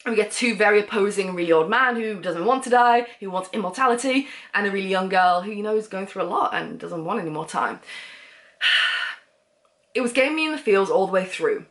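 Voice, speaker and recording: A woman's voice: mid-range voice, expressive, brisk, fairly bright tone. A woman talks through her monthly reading in a loose, chatty way. She rambles, restarts and laughs at her own tangents, her voice sitting in an ordinary middle range. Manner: rambling, chatty, loses her train of thought. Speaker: book vlogger. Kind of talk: casual monthly reading wrap-up.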